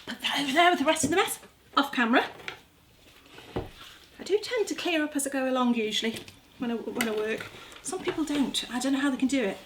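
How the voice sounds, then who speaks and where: Woman, middle-aged, slightly high voice, chatty kitchen demo, self-mocking, noisy background. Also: fairly quick, pauses often. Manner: chatty, self-mocking, talks while working. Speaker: gardening vlogger. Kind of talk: casual cooking demonstration. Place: home kitchen. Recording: audible background noise.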